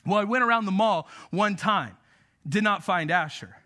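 A man in his thirties, a pastor telling a family story in an animated sermon and then urging his congregation to act. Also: high-pitched, normal speed. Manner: animated storytelling, acts out his own shouting.

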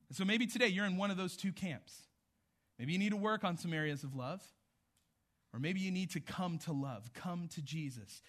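A man preaching a sermon as pastor, in a conversational storytelling manner. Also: a little high. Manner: conversational storytelling, animated retelling.

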